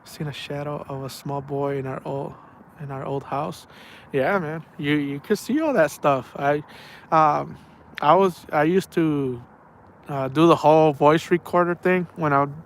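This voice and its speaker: Man with a fairly high voice, rambling. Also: a little hiss or hum. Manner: rambling and repetitive, with slang like "man" and "bro". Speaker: angler telling stories on a night fishing trip. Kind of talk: casual spoken storytelling. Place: outdoors by the water at night.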